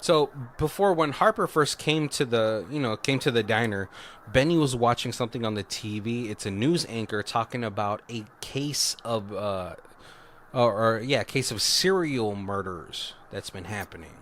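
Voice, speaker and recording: A man of ordinary pitch retells a horror movie's plot in a loose, rambling way, often breaking into laughter. He swears freely and slips into quick impressions of the characters as he goes. Plain, everyday podcast chat. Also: expressive, a bit bright, a little hiss or hum. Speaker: podcast co-host. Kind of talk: casual movie recap chat.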